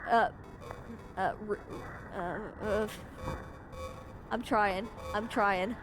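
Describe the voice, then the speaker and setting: A woman's voice: medium pitch, steady tone, drawn-out words. Playful woman streamer with music behind. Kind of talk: casual live-stream game commentary.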